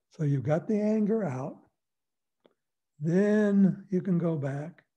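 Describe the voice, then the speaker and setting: An older man as a guest expert on a radio interview, calm and folksy, explaining with easy humor. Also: a little high. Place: radio studio.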